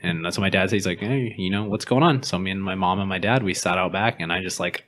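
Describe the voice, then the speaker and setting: A man's voice: low-pitched, flat delivery, fast, pushed and bright. A man co-hosting a podcast, telling a personal story in an open, self-deprecating way and laughing at himself. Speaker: podcast co-host. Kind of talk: casual chat.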